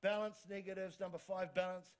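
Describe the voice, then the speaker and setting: A pastor preaching a sermon energetically, often restarting words and calling for amens. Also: male voice, high voice, brisk. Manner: energetic, frequent restarts and stammers, calls for amens.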